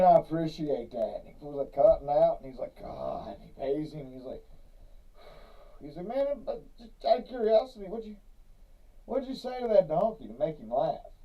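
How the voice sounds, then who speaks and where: A man spins a long joke in a relaxed podcast chat, chuckling as he goes. His voice sits a little high. He sounds set back from the mic, and the recording is dull and lo-fi. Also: recorded from a distance. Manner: laid-back storyteller, chuckles between lines. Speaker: podcast co-host. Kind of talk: casual chat, telling a joke.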